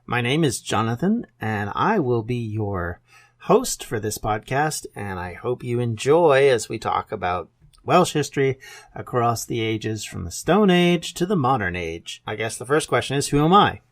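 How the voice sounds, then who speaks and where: A Canadian man in his fifties with a Canadian accent, hosting a solo podcast in a relaxed, rambling way with fillers and self-deprecating asides. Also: medium pitch, moderate pace. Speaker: podcast host. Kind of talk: casual solo podcast monologue.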